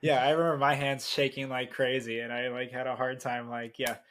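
A man's voice: mid-range voice, flat delivery, brisk, fairly bright tone, slight background noise. A man co-hosting a podcast, chatting casually and laughing along. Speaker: podcast co-host. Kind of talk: casual chat.

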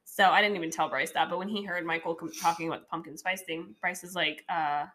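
A woman co-hosting a casual chat, telling a story and jumping into a higher voice for quoted lines. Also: fairly even intonation, fast talker, fairly bright tone. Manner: storytelling, acting out dialogue in a raised voice.

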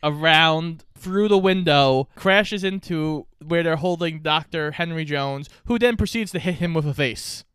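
A man narrates a film's plot step by step in relaxed chat, dry and amused. His voice is somewhat high for a man and clear. The recording is close and dry. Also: unhurried, few pauses, no room sound. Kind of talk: casual movie recap narration.

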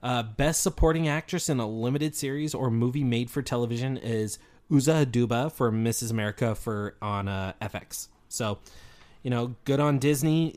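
A man's voice: medium pitch, a little mellow. A man co-hosting a podcast, chatting casually and summarizing entertainment news. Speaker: podcast co-host.

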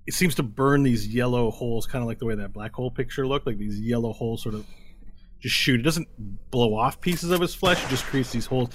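A man's voice: medium pitch, fairly quick, a little hiss or hum. A man running a tabletop game as game master, narrating scenes in a rambling descriptive way over a headset mic.

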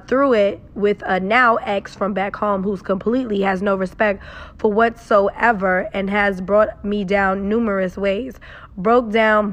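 A young adult woman hosting an advice podcast, reading listener emails and giving blunt, profane, animated advice. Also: medium pitch. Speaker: podcast host.

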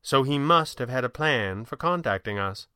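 A man's voice: mid-range voice, lively intonation, normal speed, bright, forceful tone, smooth, no echo, clean studio sound. A man voicing a formal, good-humored man with old-fashioned phrasing, in a storytelling reading. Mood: calm.

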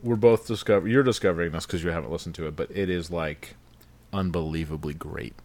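A man's voice: sits low, fast talker, a crowd in the background. A man co-hosting a podcast, joking and cursing in casual chat. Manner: joking, profane, animated. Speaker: podcast co-host.

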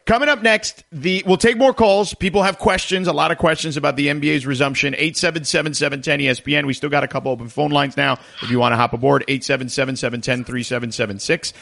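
A man in his thirties hosting a sports radio call-in show, reading phone numbers and promos quickly and chatting with many "uh" fillers. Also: on the high side, creaky, a bit bright.

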